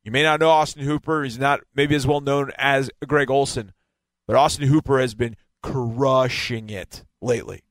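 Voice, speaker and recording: A man's voice: medium pitch, fairly even intonation, normal speed, dry recording. A man giving a casual football breakdown, explaining and stressing key words again and again. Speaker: football analyst.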